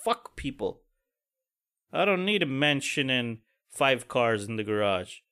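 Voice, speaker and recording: A man's voice: medium pitch, sing-song, measured pace, bright, forceful tone, smooth. Profane, fed-up man hosting a podcast. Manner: angry, profane, pessimistic venting. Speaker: podcast host. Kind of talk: casual solo podcast rant.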